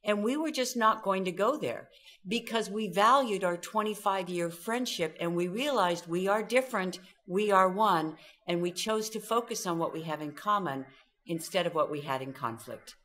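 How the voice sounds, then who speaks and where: A woman's voice: medium pitch, normal speed. A middle-aged woman from Southern California, a communication expert giving an interview, telling stories and acting out quoted voices. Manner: animated, acts out quoted voices. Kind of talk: storytelling interview talk.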